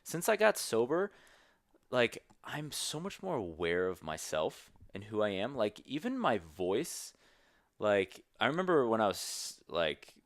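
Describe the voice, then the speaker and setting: Young man, very deep voice, dry close sound, earnest, rambling, candid podcast guest. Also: sing-song, measured pace, no echo. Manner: earnest, rambling, many restarts. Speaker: podcast guest, strength coach. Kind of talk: candid conversational interview.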